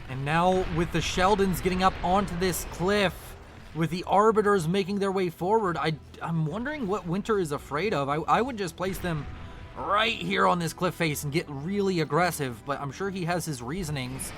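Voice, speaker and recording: A man with a high-set voice casts a strategy game match in a chatty, running commentary. He often corrects himself and apologizes for his slips. Faint music plays behind him. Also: moderate pace, a bit bright. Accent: non-local accent, unnamed. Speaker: game caster.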